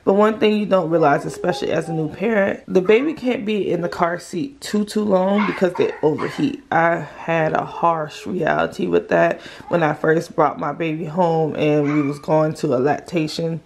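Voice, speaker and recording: A woman's voice: low-pitched, fairly even intonation, moderate pace, creaky, few pauses, a little mellow, slight background noise. A young woman vlogging casually as a mom, chatting and explaining hands-on as she demonstrates a stroller at home. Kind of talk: casual demo vlog.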